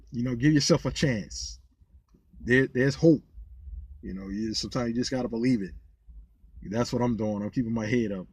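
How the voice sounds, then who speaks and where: This is a man with a husky, medium-pitched voice, recorded dry. He's a vlogger and former rideshare driver chatting casually to camera, venting and rambling through stories with lots of repeated words. He sounds lively and turns incredulous when a story gets funny.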